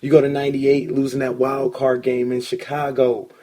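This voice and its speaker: A man hosting a casual sports podcast, an excitable storyteller who swears when he gets worked up. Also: mid-range voice, normal speed. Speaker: podcast host.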